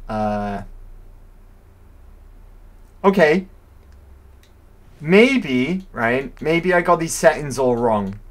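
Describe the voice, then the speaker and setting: A man's voice: on the high side, fairly bright tone. Chatty, self-correcting male game streamer. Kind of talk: casual let's-play commentary.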